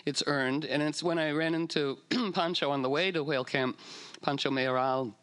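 A man's voice: a little high, fairly even intonation, moderate pace, fairly bright tone, clear, resonant tone. A man telling a story in a loose, meandering way, with frequent fillers and restarts, sometimes slipping into silly voices. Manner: meandering, playful, puts on silly voices for whales. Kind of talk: casual storytelling talk.

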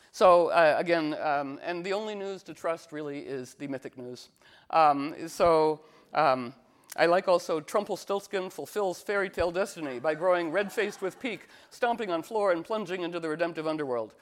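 A man teaching astrology in a casual talk, rambling with many fillers and restarts, acting out quoted voices with sudden jumps in pitch. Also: fairly quick.

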